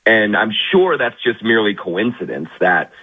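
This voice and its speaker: A man's voice: lowish voice, big pitch swings, moderate pace, slightly rough. A man calling in as a weekly guest on sports radio, in casual banter with mock-humble sarcasm, over a phone line.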